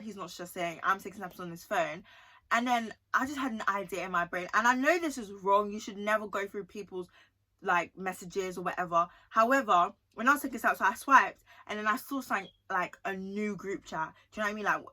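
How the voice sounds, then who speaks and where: A young woman tells a story from her own life, chatty and emotional, keeps asking if you know what she means. Her voice is clear and bright, with an ordinary middle pitch. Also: fairly quick. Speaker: vlogger. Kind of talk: storytime vlog.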